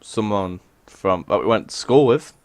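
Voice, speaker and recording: A young man from England with a lowish voice banters sarcastically with his co-host. He swears freely and tells stories in a casual chat style. The sound is close and dry. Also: expressive, moderate pace, no room sound. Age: young adult. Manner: sarcastic, swears, mimics callers. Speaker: podcast co-host.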